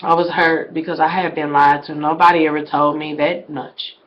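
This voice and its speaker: A woman talks straight to her viewers in a loose, casual vlog. Her delivery swings widely, sinking to near-whispered asides and then leaping up into loud, shouted exclamations. She keeps calling out to her audience as "y'all". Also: low voice, level tone, moderate pace, muffled recording. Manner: conversational, addresses viewers as "y'all". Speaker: vlogger.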